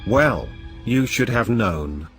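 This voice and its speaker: A man's voice: lowish voice, animated, slow pace, fairly bright tone, faint music behind, full character voice. A man voicing a cruel female trickster spirit who taunts and sneers, in a horror storytelling video. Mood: mocking.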